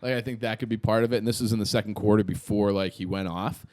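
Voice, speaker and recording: A man's voice: fairly low pitch, fairly even intonation, fast talker, darkish tone, no echo, studio quality. A young man from Illinois, co-hosting a casual sports podcast and telling loose, profane stories. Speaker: podcast co-host.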